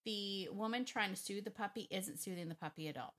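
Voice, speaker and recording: A woman's voice: mid-range voice, fairly quick, a bit bright. A woman dog trainer talking casually to camera, chatty and emphatic, often digressing.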